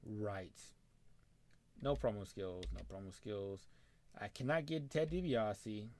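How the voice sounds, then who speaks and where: A man's voice: on the low side, slow, darkish tone. A young man, casually thinking aloud and muttering as he plays a wrestling management game, talking to the characters on screen. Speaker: gameplay commentator. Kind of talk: casual let's-play commentary.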